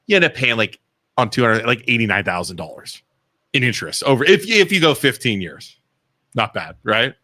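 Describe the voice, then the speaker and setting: Blunt, bright-voiced man on talk radio. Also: medium pitch, fairly quick, dry recording. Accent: Ohio. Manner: blunt, animated storytelling, acts out quotes. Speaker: co-host, mortgage broker. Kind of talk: casual radio talk show chat. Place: small studio.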